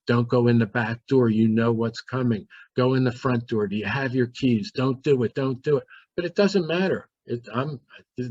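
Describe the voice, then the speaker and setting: A man's voice: lowish voice, husky, dry recording. Earnest male storyteller, dull dry recording. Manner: earnest, vivid retelling with inner monologue. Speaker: guest. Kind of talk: personal storytelling.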